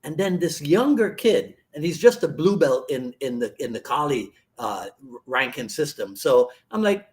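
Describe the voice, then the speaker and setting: Slow, lively-toned male podcast host. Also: on the high side. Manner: easygoing, storytelling. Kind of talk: casual chat.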